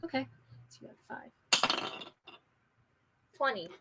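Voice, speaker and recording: A woman's voice: slow, very noisy. A woman taking part as a player in a tabletop game, asking many curious questions. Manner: curious, asks lots of questions. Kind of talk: casual game chat.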